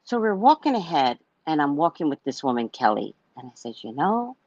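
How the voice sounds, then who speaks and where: A woman's voice: deep voice, very animated, a little fast, a little mellow, dry recording, dull audio. A woman telling a personal story in a casual monologue, blunt and swearing freely as she acts out a heated argument. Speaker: psychic reader sharing a personal story.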